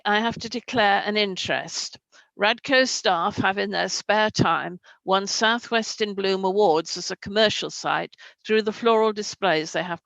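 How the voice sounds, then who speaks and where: Woman, councillor, reading a statement from notes, creaky fry, dry close sound. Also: mid-range voice, a bit bright, dry recording, poor audio. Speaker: councillor speaking on an application. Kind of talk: prepared statement at an online council meeting. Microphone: video call.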